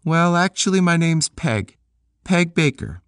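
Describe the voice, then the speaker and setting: A male narrator doing a tough, sassy young woman, pitched well above a man's voice. She is blunt and brash, swearing and teasing freely. Her lines sound dry and close, as in a studio audiobook. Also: lively intonation, measured pace, a bit bright, clean tone, no echo.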